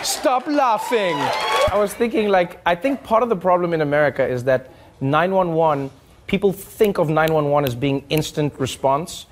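A man's voice: a little high, normal speed, slight background noise. A man from Africa, doing playful stand-up crowd work and acting out voices. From South Africa. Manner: animated, playful, acts out voices. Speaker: stand-up comedian. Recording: live club mic with loud audience.

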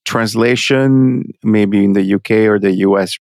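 A man hosting a podcast interview, asking questions in a measured, polite way. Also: lowish voice, a little mellow, no echo, studio quality. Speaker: podcast host.

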